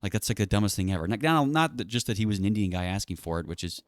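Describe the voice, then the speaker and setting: Low-voiced guy rambling fast on his own show, swears a lot, sarcastic. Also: dry recording, studio quality. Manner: rambling and profane, heavy fillers, sarcastic. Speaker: channel host. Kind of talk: casual solo monologue.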